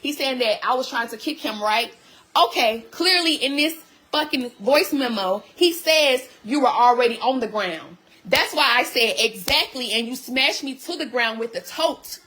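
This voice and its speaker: A woman's voice: sits high, lively intonation, normal speed, sharp tone, poor audio. A woman venting to her viewers on a live stream, emphatic and full of repeated rhetorical questions.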